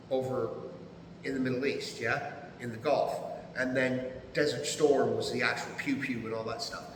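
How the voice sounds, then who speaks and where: A man in his fifties with an American accent, a podcast guest telling stories in an animated, profane way and laughing often. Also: medium pitch, slight background noise. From United States. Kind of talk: casual storytelling. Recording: echoey room.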